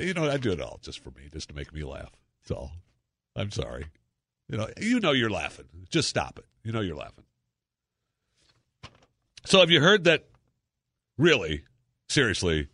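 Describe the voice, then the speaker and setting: Man, radio talk host, jokey, lively swings in pitch, dry studio sound. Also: moderate pace, long pauses, husky, dry recording. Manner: jokey, animated, lots of fillers. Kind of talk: casual talk radio monologue. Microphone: studio microphone.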